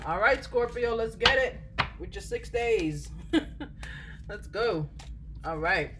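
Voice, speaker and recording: A woman's voice: mid-range voice, lively intonation, unhurried, long pauses, background noise. Giggly chatty woman tarot reader. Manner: chatty, giggly, reassuring, often trails off with fillers. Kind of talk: casual tarot reading to camera.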